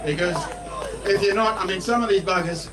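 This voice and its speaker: A blunt Australian man speaks at an outdoor rally in a high voice, folksy and colloquial. He sounds distant from the microphone, his words carried over a public address system. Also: fairly quick. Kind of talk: rally speech. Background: crowd.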